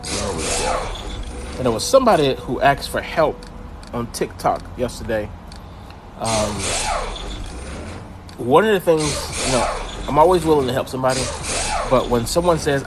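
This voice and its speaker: A man's voice: mid-range voice, sing-song, moderate pace, pauses often, noisy background. An older man casually commenting while he streams a mobile racing game, rambling with lots of ums and restarts. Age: older adult.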